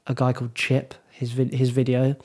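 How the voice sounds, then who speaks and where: A man's voice: medium pitch, completely flat delivery, normal speed, mellow. Young British man rambling through stories. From Britain. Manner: rambling storyteller with many fillers and restarts. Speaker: podcast host. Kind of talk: casual chat.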